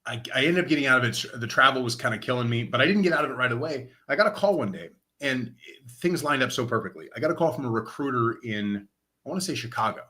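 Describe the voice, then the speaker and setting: Bright-voiced man telling his story. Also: mid-range voice, fast talker. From Lane County, Oregon. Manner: animated retelling, acts out quoted dialogue. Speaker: interview guest, nonprofit director of operations. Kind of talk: casual personal storytelling.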